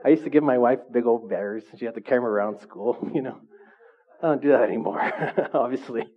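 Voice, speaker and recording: A man preaching to his congregation in a casual, animated way, often asking the room questions. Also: mid-range voice, brisk, narrow, tinny audio. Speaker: pastor. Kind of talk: sermon.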